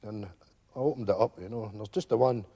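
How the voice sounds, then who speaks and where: An actor playing an elderly Scottish widower who tells a long, meandering story full of fillers, on a live stage. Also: male voice, lowish voice, brisk, warm tone, breathy edge, highs cut off. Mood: rambling fond. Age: older. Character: elderly widowed male pensioner, rambling storyteller. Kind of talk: live stage sitcom acting. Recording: theatre stage with long reverb.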